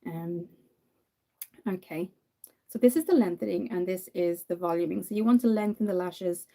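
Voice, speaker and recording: A woman's voice: fairly low pitch, moderate pace, gravelly, mellow. A woman from Ireland with an Irish accent, chatting casually to viewers while doing her makeup on a livestream. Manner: chatty, answers viewer comments, many fillers.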